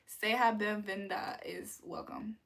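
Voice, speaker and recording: A woman's voice: medium pitch, steady tone, a little slow, a bit bright. A woman hosting a livestream, chatting casually with viewers and answering them playfully, laughing often. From United States. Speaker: livestream host. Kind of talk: casual livestream chat reading comments.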